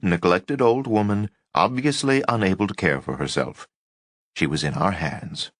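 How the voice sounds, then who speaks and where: A man reading a memoir audiobook aloud, measured storytelling with lively inflection. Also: sits low, no echo, studio quality. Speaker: audiobook reader.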